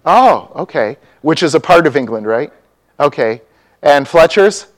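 Speaking with a rather high, expressive voice and an unhurried, measured delivery, a man of Dutch and Czech descent gives a sermon as pastor. He keeps things casual and talks with his congregation, often asking them questions.

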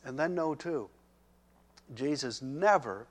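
A man preaching a sermon, slow and emphatic, growing loud and urgent when he speaks the characters' words. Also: on the high side, animated. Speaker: pastor.

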